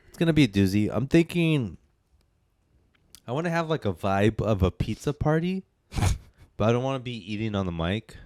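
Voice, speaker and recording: A man's voice: fairly low pitch, animated, normal speed, long pauses, darkish tone, no echo, clean studio sound. A man co-hosting a movie podcast, chatting casually with a joking, rambling manner and big swings in energy. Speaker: podcast co-host. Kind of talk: casual chat.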